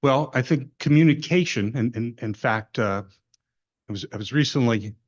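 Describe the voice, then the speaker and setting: A man answering a shareholder question at a conference in a measured way, often repeating words, in dull lo-fi audio. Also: mid-range voice. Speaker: company executive answering a shareholder.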